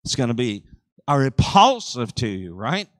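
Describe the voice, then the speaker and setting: A man's voice: mid-range voice, moderate pace, no echo, low-quality recording. Male pastor preaching with sweeping volume. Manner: animated preaching with sudden surges and drops in volume; conversational asides between scripture points. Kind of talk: sermon.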